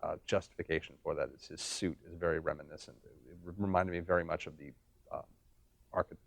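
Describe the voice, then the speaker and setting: A man's voice: low voice, steady tone, fairly quick, creaky. A man, a voice director, talking eagerly and emphatically in a casual interview.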